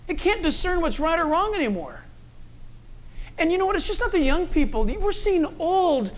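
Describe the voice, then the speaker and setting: A man preaching a sermon, animated and conversational, acting out quoted people and telling stories. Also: very high voice. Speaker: pastor.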